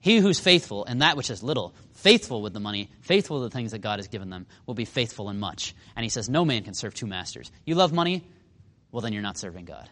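Animated casual male preacher. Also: fairly low pitch, quick pace. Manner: animated, acts out quotes with sarcasm, casual fillers. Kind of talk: sermon.

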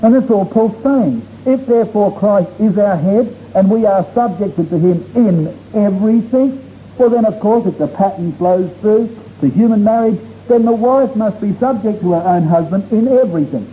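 A man's voice: high-pitched, moderate pace. A man preaching a sermon to his congregation, earnest and emphatic, drawing out key words for stress. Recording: dull lo-fi recording with faint noise.

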